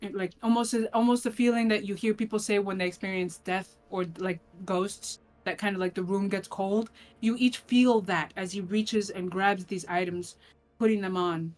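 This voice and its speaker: A woman's voice: mid-range voice, fairly even intonation, normal speed, a little mellow, soft background music. A woman running a tabletop game as game master, narrating scenes in detail and often restarting her phrases. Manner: descriptive, with frequent restarts.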